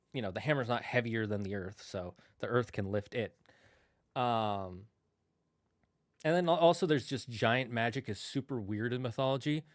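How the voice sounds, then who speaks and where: A man's voice: mid-range voice, no echo, clean studio sound. A man streaming and chatting casually, telling old myth stories in a rambling, self-correcting way. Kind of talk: casual storytelling while streaming.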